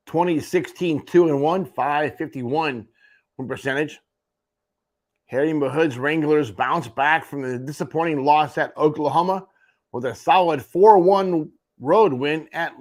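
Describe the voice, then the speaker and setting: A man hosting a morning sports show, running through junior hockey standings with wry offhand asides. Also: medium pitch. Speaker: host. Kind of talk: sports radio rundown.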